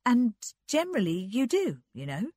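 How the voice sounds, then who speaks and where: A woman's voice: fairly high pitch, wildly swooping pitch, normal speed, a little mellow, dry recording, studio quality, voice pushed up. A woman voicing a proud young woman who speaks primly and coolly. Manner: prim, coolly defiant. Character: proud, cool young woman, refined speech.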